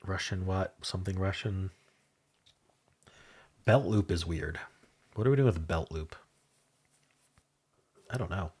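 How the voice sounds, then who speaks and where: A man's voice: deep voice, expressive, measured pace, long pauses, a little mellow, husky. A man hosting a puzzle game channel, thinking aloud in a casual, hesitant way as he works through word puzzles. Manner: muses aloud, hesitant and self-correcting.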